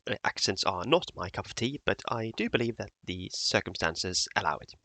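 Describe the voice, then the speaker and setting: A man's voice: lowish voice, expressive, moderate pace, sharp tone, no room sound. A man presenting his model builds in a casual tutorial vlog, hesitant with many fillers.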